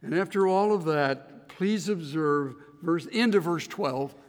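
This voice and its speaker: A male pastor with a high voice preaches at a slow, deliberate pace, earnest and given to emphatic bursts. His sermon rolls through a church sanctuary with a long reverb. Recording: reverberant hall.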